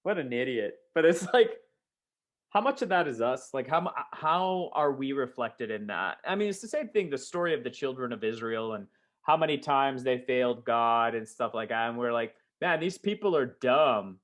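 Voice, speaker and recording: Young male podcast co-host; loose, rambling chat delivery with lots of fillers, average pitch. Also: lively intonation, moderate pace, fairly bright tone. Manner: rambling, filler-heavy, laughs often. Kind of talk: casual chat.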